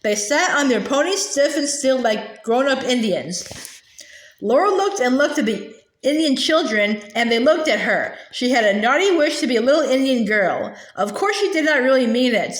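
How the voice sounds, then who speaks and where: A woman reading a children's novel aloud gently, with small restarts now and then. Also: high-pitched, animated, normal speed, roomy sound. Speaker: storybook reader.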